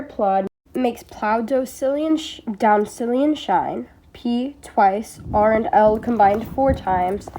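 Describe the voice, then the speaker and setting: A woman's voice: a little high, warm tone. A teenage girl giving an amateur read-aloud of a nonfiction book, reading steadily but now and then stumbling and restarting a word. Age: teens. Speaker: reader.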